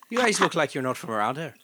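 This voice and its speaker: A man improvising a flustered male priest whose put-on Irish accent keeps sliding into Scottish, laughing at himself as he goes. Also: on the high side. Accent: put-on Irish drifting into Scottish. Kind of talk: improv comedy role-play.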